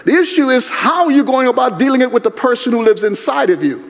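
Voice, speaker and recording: A man preaching a chapel sermon in a voice pitched very high for a man. His delivery is emphatic and conversational, full of rhetorical questions, and the sound echoes around the large hall. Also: expressive, quick pace, creaky, slight background noise. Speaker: guest chapel speaker, pastor. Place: university chapel.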